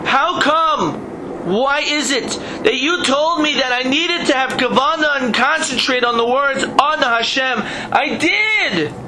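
A man's voice: extremely high pitch, expressive, unhurried, noisy background. A man voicing a poor Hasid who pleads with his rabbi in distress. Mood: frustrated. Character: poor pleading male Hasid in dire need.

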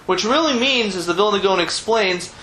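A man's voice: high voice, moderate pace, pushed and bright, reverberant, a little hiss or hum, rough recording. A man giving a Torah lesson, explaining texts with Hebrew terms and frequent restarts. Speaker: rabbi teaching Torah.

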